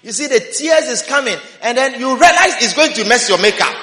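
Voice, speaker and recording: A man preaching a sermon, repeating his phrases and breaking into shouts, recorded in a church. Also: very high voice, lively intonation, fairly quick. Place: church sanctuary. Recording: roomy hall reverb.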